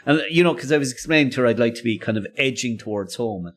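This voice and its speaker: A man's voice: medium pitch, lively intonation, fairly quick, a little hiss or hum. A man and podcast co-host, telling a personal story casually, rambling and self-interrupting with frequent laughs.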